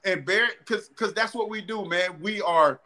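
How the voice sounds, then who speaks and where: A man's voice: high-pitched, moderate pace, bright, forceful tone. A man who is a former football player turned sports analyst, talking emphatically and repeating phrases to drive points home. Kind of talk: casual sports talk.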